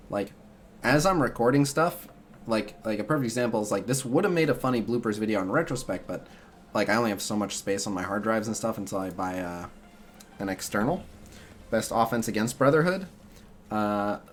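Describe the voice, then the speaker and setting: A young man with a lowish voice chats loosely with his live stream audience, his sentences stuffed with filler words. Faint music plays underneath him. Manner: rambling, lots of "like" and "uh" fillers. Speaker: streamer answering chat. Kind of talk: casual livestream chat about a mobile game.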